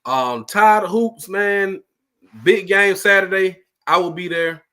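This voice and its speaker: A man's voice: sits high, slow pace, sharp tone, clear, resonant tone. A man talking sports on a panel, upbeat and emphatic, repeating points for stress. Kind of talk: casual sports chat.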